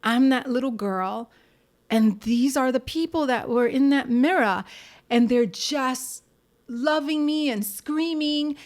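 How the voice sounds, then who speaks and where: Animated middle-aged woman telling her story. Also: a little high. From United States. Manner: animated storyteller acting out quotes, swings between loud and soft. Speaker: singer and actress guest. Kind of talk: storytelling in a podcast interview.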